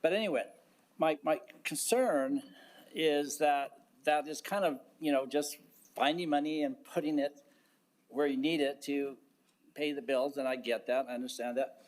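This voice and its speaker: Deliberate man addressing a public board. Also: fairly high pitch. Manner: deliberate, halting, with frequent fillers and restarts. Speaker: county commissioner. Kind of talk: public meeting remarks. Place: county commission chamber.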